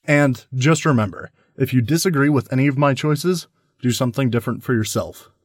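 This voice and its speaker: A man's voice: mid-range voice, brisk, breathy edge, dry recording, studio quality. A man hosting a podcast, explaining a topic in a friendly, step-by-step way. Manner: friendly, explains in plain steps. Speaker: podcast host.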